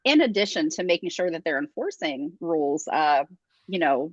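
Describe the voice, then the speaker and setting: A woman's voice: low-pitched, expressive, normal speed, no echo, highs cut off. A woman guest on a sports podcast, talking in a chatty way with many fillers and easy laughs. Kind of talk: casual podcast chat.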